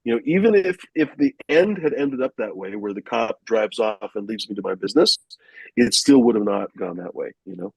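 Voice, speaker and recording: A man's voice: fairly low pitch, lively intonation, normal speed, slightly rough, no echo, low-quality recording. A man telling a long story casually, rambling and profane, with many fillers and restarts.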